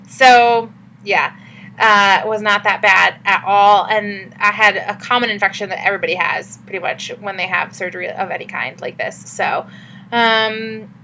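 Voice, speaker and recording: A young woman talks straight to the camera in a casual vlog, chatty and upbeat, leaning on fillers. Her voice is bright and forward, at an ordinary pitch, with a faint hum behind it. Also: rough recording. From Massachusetts. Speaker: vlogger.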